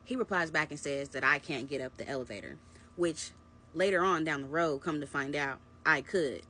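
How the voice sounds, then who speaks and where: A young adult woman narrating a personal story to her viewers in a casual, animated storytime vlog. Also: low-pitched, moderate pace, a little hiss or hum. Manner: animated, conversational storytelling, addressing viewers as "y'all". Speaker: vlogger.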